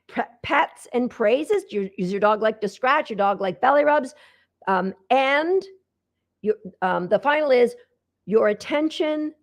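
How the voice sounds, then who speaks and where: A woman dog trainer giving an upbeat online lesson from home, talking to her dogs as she teaches. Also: high-pitched.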